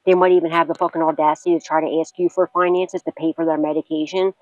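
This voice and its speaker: A woman's voice: sits low, level tone, quick pace, lo-fi sound. Blunt, swearing woman tarot reader. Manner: blunt and profane, with frequent laughs and repeated reassurances. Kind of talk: tarot reading monologue to viewers.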